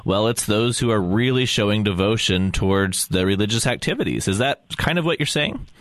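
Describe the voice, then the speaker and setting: A man hosting a podcast, asking thoughtful, halting questions about theology. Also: fairly low pitch, animated, a bit bright, dry recording. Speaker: podcast host.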